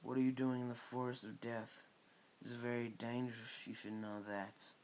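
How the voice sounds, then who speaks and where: A man voicing a calm, scheming snake-like villain who speaks slowly and quietly. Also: medium pitch, slight background noise, natural voice. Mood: stern.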